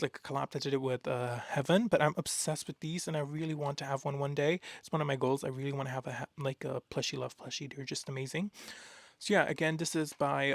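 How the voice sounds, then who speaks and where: A young man chatting casually and excitedly in a vlog, gushing and rambling with lots of fillers. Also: mid-range voice, gravelly, dry recording. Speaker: art vlogger. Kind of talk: casual chat.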